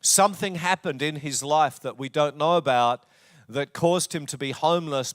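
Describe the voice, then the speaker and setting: A man's voice: mid-range voice, smooth, dry recording, clean studio sound. A male pastor with an Australian accent preaching a sermon, telling stories with jokey asides. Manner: jokey, storytelling, warm asides. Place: church.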